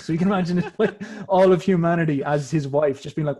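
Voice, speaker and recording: A man's voice: on the high side, brisk, warm tone. A man explaining ideas in a rambling casual talk, swearing freely and restarting sentences often. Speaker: podcast host.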